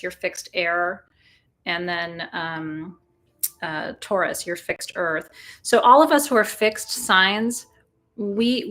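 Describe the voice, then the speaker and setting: A woman's voice: fairly low pitch, a bit bright. Chatty woman leading a live moon ritual. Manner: chatty, joking, laughs often, talks to viewers directly. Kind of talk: casual live-stream talk. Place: indoors, burning sage.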